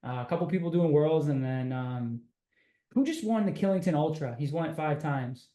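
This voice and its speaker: A man hosting a casual podcast, upbeat and energetic, talking like a buddy. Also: on the high side, moderate pace. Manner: upbeat, energetic, says dude and bro. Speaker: podcast host. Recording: roomy echo.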